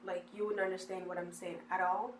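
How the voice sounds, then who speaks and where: A woman's voice: fairly low pitch, little pitch movement, a little fast. Young woman, chatty storyteller, echoey room, light hiss underneath. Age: young adult. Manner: chatty, acts out quoted people. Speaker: interviewee. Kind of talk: documentary interview.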